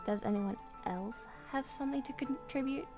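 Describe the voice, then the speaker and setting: A woman's voice: high voice, music in the background, pitched above the performer's own voice, close to an everyday voice. An Australian woman voicing a pompous, cruel old male bird villain in a storybook game, speaking in a theatrical, sneering way. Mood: gloating. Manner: theatrical, sneering, slow and grand.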